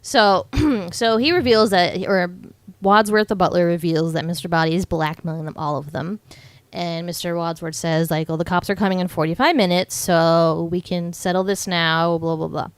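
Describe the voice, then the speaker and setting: A young adult woman co-hosting a podcast, casually recapping a film and acting out characters' lines in quick put-on voices. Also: lowish voice, fairly even intonation, smooth, dry recording. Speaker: podcast co-host.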